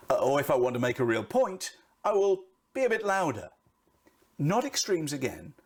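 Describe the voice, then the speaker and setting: With a breathy edge to his voice, a middle-aged British coach talks animatedly about camera presence, letting his pitch and volume rise and fall for emphasis.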